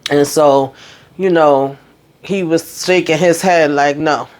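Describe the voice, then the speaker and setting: A woman recapping a TV episode in a casual, animated way from a hot room at home. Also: sits low, takes it slowly. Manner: chatty, animated, talks to viewers with "honey" and "okay". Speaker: TV recap host.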